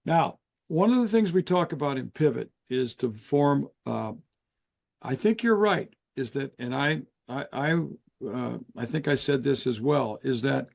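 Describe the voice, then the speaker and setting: An older man, a guest author in an interview, explaining in an earnest, measured way with pauses. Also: medium pitch, very animated, gravelly, a little mellow. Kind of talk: interview conversation.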